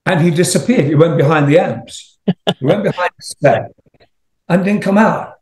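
A man's voice: a little high, moderate pace, darkish tone, roomy sound. An older man, a rock singer as interview guest, telling long rambling stories with laughs and swearing. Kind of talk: casual storytelling.

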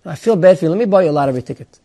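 Man playing a kind friend, quick and coaxing, high voice. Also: expressive, warm tone. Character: kindly male friend offering help.

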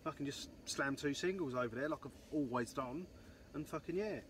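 Rambling, foul-mouthed bloke. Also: male voice, a little high, moderate pace, background noise. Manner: rambling, swears constantly, many "um, so anyway" fillers. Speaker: angler vlogger. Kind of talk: casual storytelling.

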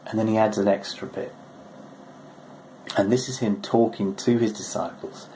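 A male pastor giving a short, gentle, conversational devotional, reading scripture aloud. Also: lowish voice, steady tone, moderate pace, slight background noise, low-quality recording.

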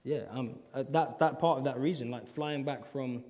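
Animated man in a reverberant hall. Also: medium pitch, moderate pace. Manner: animated storyteller, acts out quotes, laughs often. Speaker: actor and filmmaker, festival guest. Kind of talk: casual live-audience conversation. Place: festival event hall.

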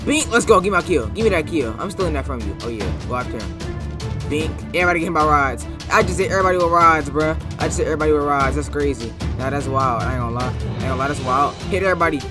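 A young man giving slangy, excitable gameplay commentary, trash-talking opponents and repeating short catchphrases. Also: fairly high pitch, very fast, music in the background. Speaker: gaming YouTuber.

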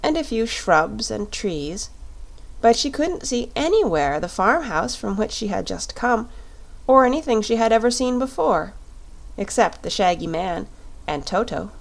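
A woman narrating a classic children's story at a steady pace. Her voice is mid-pitched and clear, suited to a calm audiobook reading. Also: unhurried.

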